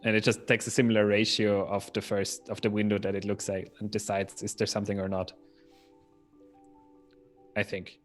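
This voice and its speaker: A young man with a low, quite flat voice works through a technical idea on a live stream. He reasons tentatively, hedging as he goes. Faint music sits in the background. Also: moderate pace, pauses often. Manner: reasons aloud, tentative and questioning. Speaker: co-host. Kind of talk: casual live-stream chat.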